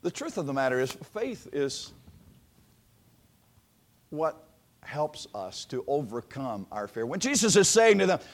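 A man preaching a sermon in a high, lively voice that rises and falls widely. He speaks slowly and emphatically, repeating words, and his volume swings from loud proclamation down to a hushed near-whisper.

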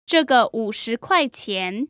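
A woman with a Mandarin accent, co-hosting a language lesson and saying words slowly and carefully with exaggerated tones. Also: a little high, expressive, fairly bright tone, smooth, no room sound, clean studio sound. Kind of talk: pronunciation modeling.

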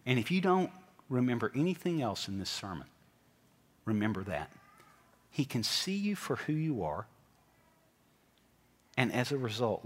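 A pastor preaching a sermon in a church, talking in an animated way and putting direct questions to his congregation. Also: mid-range voice, husky. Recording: long hall reverb.

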